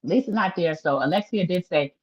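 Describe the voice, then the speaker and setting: Her voice is lowish, husky and a little mellow, expressive and slightly fast, captured with lo-fi sound. On a laid-back livestream, she recaps a reality show for her viewers, talking to them directly with plenty of chatty opinions.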